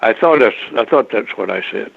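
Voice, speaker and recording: An older man, a guest in an interview, telling a long rambling story, halting and restarting often, with a chuckle now and then. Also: fairly low pitch, animated, creaky, dry recording. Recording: dry tinny phone line.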